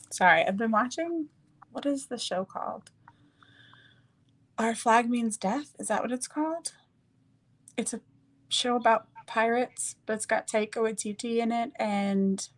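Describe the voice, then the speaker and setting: A woman's voice: on the high side, unhurried, pauses often, poor audio. A woman chatting casually while doing her makeup on a stream, rambling and searching for words as she goes.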